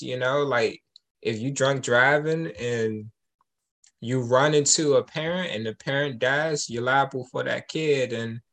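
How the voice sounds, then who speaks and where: Relaxed man hosting a talk show. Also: mid-range voice. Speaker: show host.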